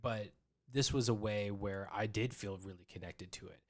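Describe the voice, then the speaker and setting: A man co-hosting a movie review podcast, talking casually and excitedly into a close mic, with quick restarts. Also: fairly low pitch. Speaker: podcast co-host.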